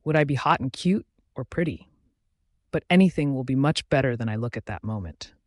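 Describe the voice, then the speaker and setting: A man narrating a first-person romance audiobook with an even, steady reading. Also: mid-range voice, a little fast, no room sound, studio quality.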